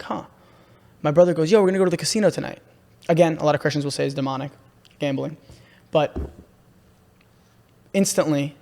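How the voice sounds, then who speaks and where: A young man on a podcast, excitedly telling a long story and calling his listener "bro" a lot. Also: a little high, creaky. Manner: excitable, repeats himself, says "bro" a lot. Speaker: podcast host. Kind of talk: casual podcast chat, storytelling. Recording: room with long reverb.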